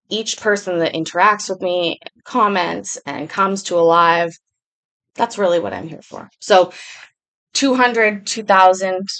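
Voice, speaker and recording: A woman talks casually to her livestream audience. She rambles from thought to thought and reads viewers' comments aloud as she answers them. Her voice sits in a middle pitch range. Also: a bit bright. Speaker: livestream host.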